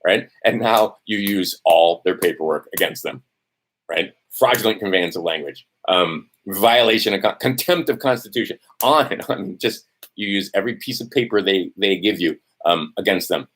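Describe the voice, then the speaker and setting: In a low, slightly bright voice at normal speed, a vlogger launches into a heated rant to camera. He curses frequently, keeps saying "right?", gets testy, and loses his place in his notes.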